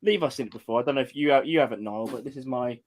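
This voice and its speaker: A man's voice: medium pitch, rapid-fire. A man hosting a stream, chatting casually and laughing often. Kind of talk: casual chat.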